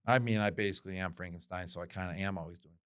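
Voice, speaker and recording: A man's voice: deep voice, fairly even intonation, rapid-fire, fairly bright tone, clear, resonant tone, no room sound, clean studio sound. A man in his thirties co-hosting a casual talk show, loose and repetitive, laughing often. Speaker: podcast co-host. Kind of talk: casual chat.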